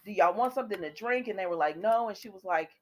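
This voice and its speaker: A fast-talking woman with a mid-range voice recaps a soap opera episode for her viewers, addressing them directly. She's chatty, retelling the scenes and quoting the characters' lines.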